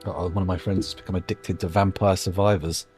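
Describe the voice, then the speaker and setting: A man's voice: low-pitched, steady tone, quick pace, darkish tone, faint music behind. A man giving casual live-stream commentary while playing a game, rambling, musing aloud and making self-deprecating asides.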